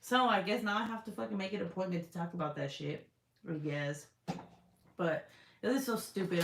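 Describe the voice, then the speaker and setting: A young woman with a slightly low voice chats on a live stream, rambling and cursing freely, trailing off into fillers and little laughs. Her voice bounces around a roomy, echoey space. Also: normal speed, vocal fry, fairly bright tone, a little hiss or hum. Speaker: vlogger reading live chat. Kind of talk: casual live-stream chat. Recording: roomy echo.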